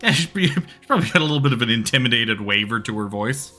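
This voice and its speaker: A man's voice: medium pitch, animated, fast talker, bright, forceful tone, soft background music. A man running a tabletop horror game as game master, narrating casually.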